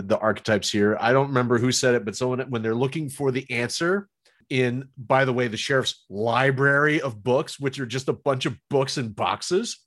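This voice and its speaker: A man co-hosting a casual movie review podcast, animated and laughing often. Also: medium pitch. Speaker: podcast co-host.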